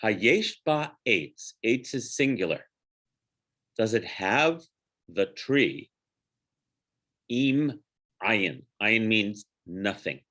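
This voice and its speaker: Unhurried man teaching a Torah class. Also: on the low side, very animated, pushed and bright. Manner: unhurried, digressive, pauses to chant Hebrew phrases and correct himself. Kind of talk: informal Torah study class.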